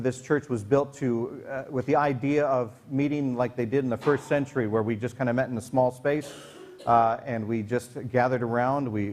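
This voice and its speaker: A man's voice: mid-range voice, darkish tone. A man preaching a casual sermon as pastor, talking conversationally with many fillers and restarts, sometimes acting out the voices in the story.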